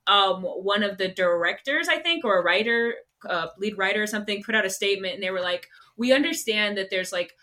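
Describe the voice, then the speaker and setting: A woman guest chatting casually, with a clear and bright voice. She giggles a lot and talks in quick, excited bursts. Her pitch sits in the middle. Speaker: guest, cosplayer. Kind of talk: casual chat.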